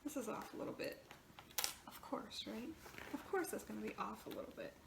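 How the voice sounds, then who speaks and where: A woman's voice: medium pitch, huge pitch swings, a little fast, creaky. A woman sewing vlogger chatting casually while she sews in her home sewing room, rambling and poking fun at herself. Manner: rambling, chatty, self-deprecating. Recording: echoey room with background noise.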